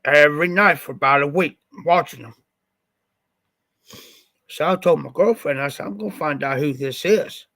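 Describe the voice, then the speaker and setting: A man from Ohio hosts his own livestream and tells a long, winding story, slightly stuffed up from a recent flu. His voice is fairly high and bright with a tense edge. The sound is dry and close, with no room around it. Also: normal speed, pauses often, no room sound. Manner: rambling, repeats "I said" often. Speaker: livestream host.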